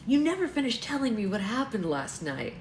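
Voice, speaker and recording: A woman's voice: on the high side, big pitch swings, fairly quick, voice pushed up. A woman reading aloud as a baffled, teasing male tree farmer in a romance novel. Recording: echoey room, faint background noise.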